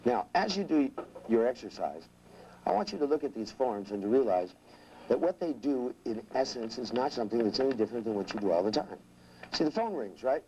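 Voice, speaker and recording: A man's voice: mid-range voice, animated, brisk, dark tone, a little hiss or hum, poor audio. A man teaching a live seminar, rambling and restarting sentences, with irreverent jokes and asides. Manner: acts out voices in quotes. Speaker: seminar trainer.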